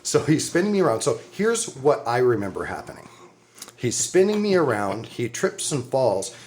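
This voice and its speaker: A man's voice: medium pitch, big pitch swings, moderate pace, a little mellow, slight background noise. A middle-aged man, telling a wild party story on a podcast, swearing, laughing and acting out what people said. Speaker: podcast co-host. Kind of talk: animated storytelling, casual chat.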